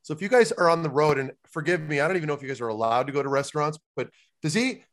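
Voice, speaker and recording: A man's voice: a little high, animated, very fast, a bit bright. A man co-hosting a casual podcast, chummy and joking, swearing casually as he asks questions. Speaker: podcast co-host.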